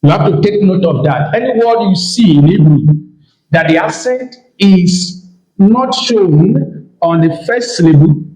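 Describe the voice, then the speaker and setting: Slow, high-voiced male Hebrew teacher. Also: animated, dark tone, roomy sound, low-quality recording. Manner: slow, repeats key terms and tells the learner to take note. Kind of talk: recorded grammar lesson.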